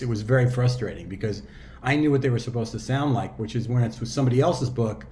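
Mellow-voiced narrator in his sixties. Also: medium pitch, quick pace. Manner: relaxed, reflective, loose with fillers and restarts. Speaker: guest, audiobook narrator and actor. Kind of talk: casual interview chat.

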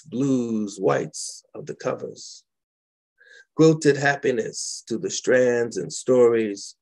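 Slow, dramatic male poet reading aloud. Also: mid-range voice, vocal fry, a little mellow. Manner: slow, dramatic, deliberate reading with long pauses. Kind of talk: poetry reading.

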